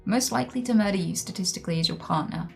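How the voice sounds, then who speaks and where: A woman's voice: medium pitch, racing, creaky, soft background music. A woman chatting candidly on a live stream, telling personal stories frankly. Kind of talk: casual live-stream chat.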